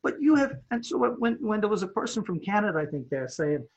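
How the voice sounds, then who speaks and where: A man guest telling a story in conversation, animated, acting out what people said and repeating words when worked up. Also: sits high, fairly quick, husky. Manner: animated, acts out quoted dialogue, repeats words when excited. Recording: dull lo-fi recording.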